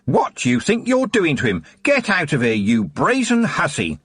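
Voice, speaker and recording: A man's voice: on the high side, wildly swooping pitch, moderate pace, fairly bright tone, husky, no room sound, voice pushed up, heavily acted. A man voicing a furious woman nurse in an audiobook, screaming in outrage. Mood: outraged.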